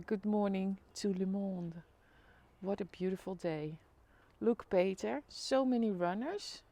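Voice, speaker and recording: Chatty middle-aged woman, live vlog host, reads comments aloud, mid-pitch, easygoing. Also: vocal fry, dry recording. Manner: chatty, reads viewer comments aloud, bursts into excited squeals. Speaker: live-stream vlogger. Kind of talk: casual live-stream chat greeting viewers. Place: home by a window overlooking a city street.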